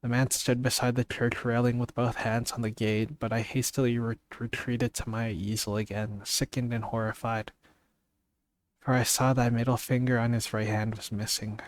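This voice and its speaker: A man's voice: mid-range voice, flat delivery, moderate pace, a little hiss or hum. A man streaming a casual read-aloud of a story, reading steadily with restarts and brief asides.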